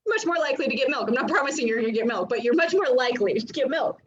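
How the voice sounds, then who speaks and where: A woman in her thirties coaching a live online class, chatty and animated, with many fillers. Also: sits high, very fast. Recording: dull lo-fi sound.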